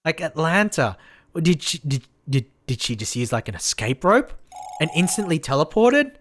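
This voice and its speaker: Streaming a game live as a VTuber, this man laughs and chats while voicing the characters' dialogue aloud. He speaks at a moderate pace in a fairly high, sing-song voice with a fairly bright tone.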